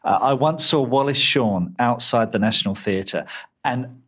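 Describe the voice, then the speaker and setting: A man from London co-hosting a casual podcast chat, chatty and quick to laugh. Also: medium pitch, fairly bright tone. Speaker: podcast co-host.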